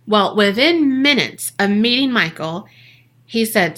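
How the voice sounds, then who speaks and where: Woman podcast host, bright voice, animated, cusses while she tells the story. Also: mid-range voice, a little slow. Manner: animated, swearing, acts out quoted people in slang. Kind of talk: casual storytelling chat.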